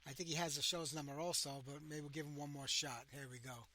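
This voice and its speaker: A man's voice: a little high, steady tone, fast talker, pushed and bright. A man hosting a live radio show, chatting loosely while he dials a guest. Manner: loose and chatty, talks through dialing attempts.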